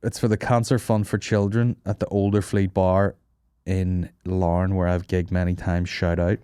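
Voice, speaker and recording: A man's voice: low voice, level tone, normal speed, dark tone, clean tone, dry recording, studio quality. A man hosting a podcast, chatting casually with lots of swearing and joking. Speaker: podcast host. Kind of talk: casual chat.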